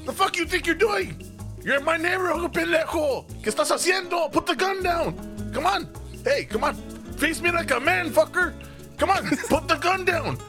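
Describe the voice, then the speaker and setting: Man playing a loud, dim street tough who shouts challenges high and hard, peppered with Spanish slang. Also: lively intonation, moderate pace, soft background music, heavily acted. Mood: challenging. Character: tough male neighborhood brawler, dim and hot-headed.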